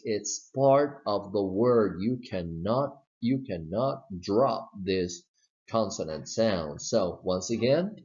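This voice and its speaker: Slow Southern-accented male teacher. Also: on the low side, a little mellow. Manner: slow, modeling words with exaggerated repetition. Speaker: English pronunciation teacher. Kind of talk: slide-based pronunciation lesson. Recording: dull lo-fi recording.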